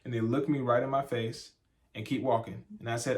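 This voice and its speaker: A young man chatting casually on a couple's vlog, telling a story with lively energy and acting out the voices of the people in it. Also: medium pitch, fairly quick. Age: young adult. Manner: animated storyteller, acts out voices in quotes. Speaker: vlogger, husband. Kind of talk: casual sit-down chat.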